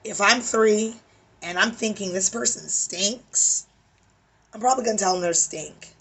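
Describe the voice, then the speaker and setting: A woman's voice: medium pitch, a little slow, fairly bright tone, husky. A woman with a weary voice giving an emphatic, preachy spiritual tarot reading, swearing casually. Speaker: tarot reader.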